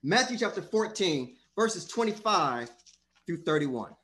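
A man preaching a Bible-study sermon, lively and theatrical, acting out voices of people in the stories. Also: high-pitched, unhurried. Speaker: preacher and teacher.

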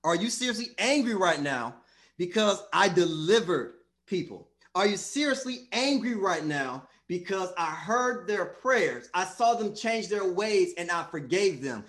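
A man's voice: high-pitched, very animated, a little slow, a bit bright, exaggerated voice. Give me a man playing God, stern and exasperated. He rebukes with pointed, repeated questions. His voice rises and falls over a wide range.

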